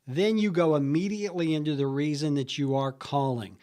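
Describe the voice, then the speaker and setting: A man with a slightly high voice gives a real estate training session, talking casually and directly to his trainees. He acts out friendly phone calls, switching between his own voice and the seller's replies. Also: steady tone, fairly quick, few pauses, a little mellow, clear, resonant tone. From Huntsville, Alabama area. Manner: conversational, role-plays phone calls. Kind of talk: training talk.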